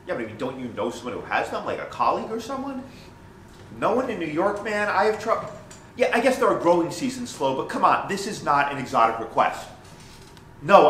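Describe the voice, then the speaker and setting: A man performing a stand-up storytelling monologue on stage, animated and self-mocking, often repeating phrases. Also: fairly high pitch, slight background noise. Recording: roomy stage sound, mic at a distance.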